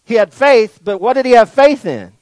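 A man preaching a sermon to a congregation, folksy and animated, swinging from near-shouts down to soft, low lines. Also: normal speed, dry recording, rough recording. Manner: folksy, addresses the congregation directly. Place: church in front of a congregation.

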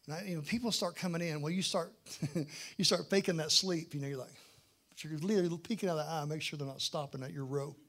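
A man with a fairly high voice preaches by telling a story about himself, poking fun at himself along the way. He is animated and acts out both sides of the conversation. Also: quick pace. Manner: animated, self-mocking, acts out dialogue. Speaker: pastor. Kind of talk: storytelling sermon.

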